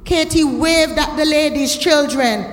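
A woman reading a children's story aloud as a storyteller, slow, gentle and expressive. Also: sits high. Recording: echoey, reverberant room.

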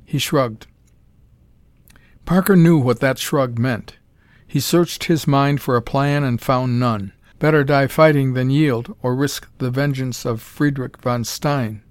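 A man reading a story aloud as narrator, in a measured, dramatic storytelling way. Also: mid-range voice, dry recording. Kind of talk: scripted audiobook narration.

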